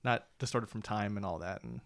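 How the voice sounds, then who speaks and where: A man chatting on a podcast, excitable and quick, breaking into loud laughs. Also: lowish voice, no room sound, studio quality. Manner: excitable, rapid bursts, laughs loudly. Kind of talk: casual chat.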